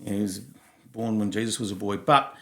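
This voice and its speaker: A man in his fifties, originally from Germany, co-hosting a podcast and telling stories in a blunt, animated way, swearing freely. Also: fairly low pitch, moderate pace. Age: 50s. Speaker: podcast co-host. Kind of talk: casual storytelling chat.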